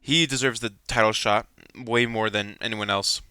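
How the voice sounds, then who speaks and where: A man's voice: on the low side, fairly even intonation, normal speed, pushed and bright, smooth, no room sound. A young man ranting angrily about fights, swearing and repeating himself. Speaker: MMA commentator. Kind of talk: ranting fan commentary.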